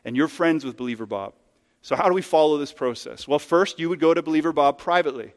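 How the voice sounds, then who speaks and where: A man preaches from the pulpit with a slightly high voice and a conversational, emphatic delivery. His words ring out with a long church-hall reverb. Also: fast talker. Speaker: pastor. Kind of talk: sermon. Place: church sanctuary.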